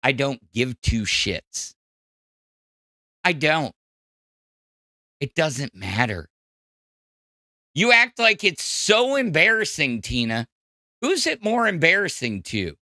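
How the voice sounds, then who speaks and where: A man's voice: on the high side, wildly swooping pitch, slow, long pauses, bright, forceful tone, dry recording, clean studio sound. A man hosting a podcast, ranting casually with lots of profanity, fillers and restarts. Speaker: podcast host. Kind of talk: casual crude podcast rant.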